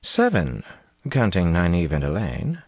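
A man's voice: deep voice, wildly swooping pitch, measured pace, dry recording, heavily acted. A man voicing a proud woman leader who answers firmly and defiantly. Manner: firm, resistant.

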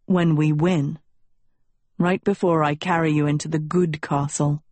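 A self-assured young prince speaks in a lowered, unhurried voice with a soft breathy edge, as a woman reader puts him on. He is commanding and protective, a storybook hero used to leading. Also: fairly even intonation, dry recording. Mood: teasing.

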